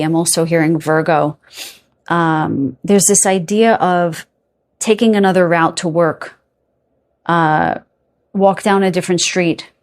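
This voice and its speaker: A middle-aged woman giving a pick-a-card tarot reading to her viewers, chatty and rambling, often losing her train of thought, openly affectionate to her audience. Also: fairly low pitch.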